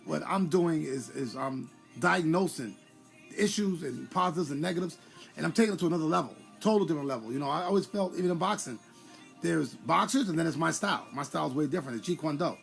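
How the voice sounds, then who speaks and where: A middle-aged man talks casually and at length on a live stream, as a former boxer would, greeting viewers by name along the way. His voice is gravelly and sits a little high for a man. Faint music plays behind him. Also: quick pace. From New York.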